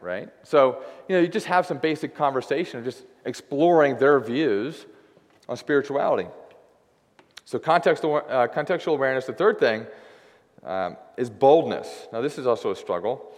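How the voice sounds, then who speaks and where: A young adult man giving a sermon as a guest preacher, talking in a loose, conversational way with lots of filler words. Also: medium pitch. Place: church sanctuary. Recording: long hall reverb.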